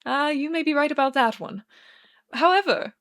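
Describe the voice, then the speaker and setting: A woman voicing an animated, playful young man who talks in a sing-song, mock-haughty way in a read-aloud fan story. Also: high-pitched, normal speed, pitched above the performer's own voice. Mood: whiny.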